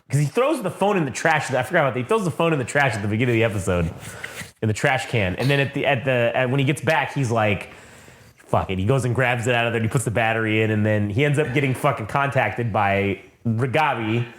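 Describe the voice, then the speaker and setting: A man co-hosting a casual show review, recapping the plot in a loose, profane way and acting out quick quotes. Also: mid-range voice. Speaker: podcast co-host.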